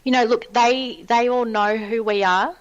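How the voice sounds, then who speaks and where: A woman's voice: fairly high pitch, steady tone, unhurried, dry recording, dull audio. A woman talking as a guest about paranormal investigating, rambling along with many ums and asides. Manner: rambling, filled with ums and "you know". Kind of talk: casual interview chat.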